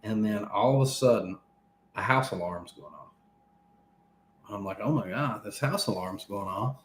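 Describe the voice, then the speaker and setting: A man's voice: on the low side, normal speed, a little hiss or hum. Man telling a story in a roomy echo. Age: 30s. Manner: animated, laughing between lines, acts out quoted speech. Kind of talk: casual storytelling.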